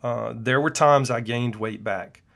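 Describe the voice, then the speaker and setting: A man's voice: medium pitch, a little slow, vocal fry, a bit bright. A middle-aged man, a clinician hosting his own show, speaking in an earnest, preachy personal monologue with frequent "uh" fillers. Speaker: podcast host and functional medicine clinician.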